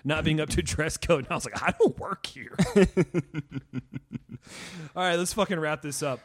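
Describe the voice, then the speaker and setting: Male podcast host, slightly high voice, rambling profane banter. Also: normal speed, fairly bright tone, a little hiss or hum. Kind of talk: casual podcast chat.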